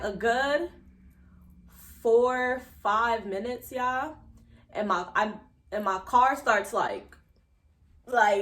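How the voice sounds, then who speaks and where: A young woman from New telling a story to her viewers in a chatty, animated way, full of fillers. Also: fairly high pitch. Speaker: vlogger. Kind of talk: casual storytime to camera.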